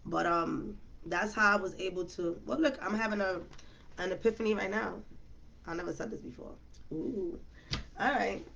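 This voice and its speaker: A woman with a gravelly, creaky edge to her voice chats through a tarot reading and calls her viewers y'all. Her pitch sits in a middle range. Faint noise hums under the recording. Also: normal speed, fairly bright tone, lo-fi sound. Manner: chatty, slangy, addresses viewers as y'all. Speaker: tarot reader. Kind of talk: casual tarot reading livestream.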